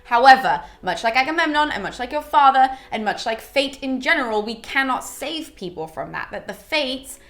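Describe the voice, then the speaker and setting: A woman's voice: sits high, lively intonation, moderate pace, hardly any pauses, a bit bright. A young woman summarizing a classic epic in a casual, gossipy way, with mild swearing. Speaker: literature educator. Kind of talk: casual chatty book summary.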